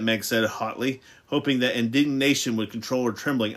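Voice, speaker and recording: A man's voice: mid-range voice, steady tone, normal speed, hardly any pauses, fairly bright tone. A man reading a novel aloud, with frequent stumbles and restarts. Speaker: reader.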